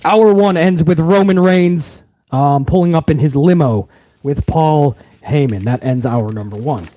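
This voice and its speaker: A man with a slightly high, warm voice speaks at a measured pace in a dry recording. Hosting a wrestling podcast, he recaps the show in a heated, profane rant, incredulous and talking over himself with repeated lines.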